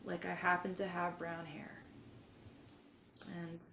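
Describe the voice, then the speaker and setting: A woman's voice: fairly low pitch, completely flat delivery, takes it slowly, bright, forceful tone. A woman guest in a casual interview, speaking earnestly with frequent stuttered repetitions and blocks. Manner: earnest and emotional. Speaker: podcast guest, musician. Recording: echoey room with faint background noise.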